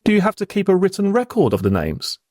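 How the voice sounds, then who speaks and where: A man cross-examining a witness in a formal, probing manner, pressing with pointed questions. His pitch rises and falls a lot as he presses, and the sound is close and dry with no room around it. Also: wildly swooping pitch, quick pace, darkish tone, dry recording. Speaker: prosecuting barrister in reenactment. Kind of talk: courtroom cross-examination reenactment.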